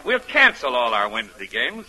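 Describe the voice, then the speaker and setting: An actor playing a gruff, sarcastic middle-aged baseball manager who also narrates, in 1940s radio acting. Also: male voice, mid-range voice, huge pitch swings, moderate pace, sharp tone, heavily acted, poor audio. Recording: old radio broadcast with music.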